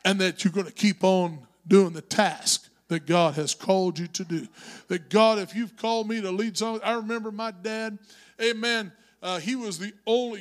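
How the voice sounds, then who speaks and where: A male pastor preaching a sermon in church, moving from conversational storytelling to shouted exhortation. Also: high voice, fairly even intonation, normal speed. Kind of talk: Pentecostal-style preaching. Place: church sanctuary.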